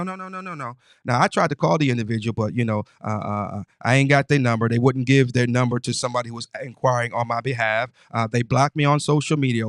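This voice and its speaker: A man's voice: mid-range voice, no echo, clean studio sound. Emphatic preachy man hosting a show. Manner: emphatic, preachy, stammering restarts. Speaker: host. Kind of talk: casual motivational monologue.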